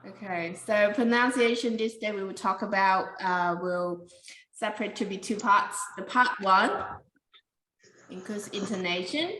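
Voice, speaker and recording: A woman's voice: mid-range voice, a little slow, a bit bright, reverberant, a little hiss or hum, poor audio. A woman teaching an English pronunciation class, patiently explaining and calling on students by name.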